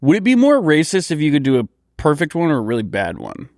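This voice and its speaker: A man co-hosting a podcast, chatting casually and joking in an animated way. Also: a little high, fast talker, no room sound, clean studio sound. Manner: animated, jokey. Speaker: podcast co-host. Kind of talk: casual chat.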